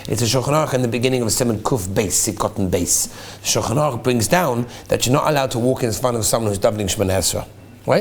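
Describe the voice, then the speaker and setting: Animated quick-talking rabbi, a man. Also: mid-range voice. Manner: animated, acts out little scenes, repeats words when starting over. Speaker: rabbi teaching a class. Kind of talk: Torah class on prayer.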